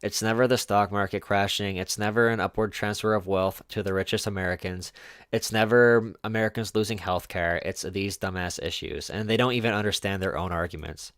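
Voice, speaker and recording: A man's voice: sits low, fairly even intonation, brisk, fairly bright tone, no room sound, clean studio sound. A man streaming live, reacting to a video with sarcastic, mocking commentary and talking back at the speaker.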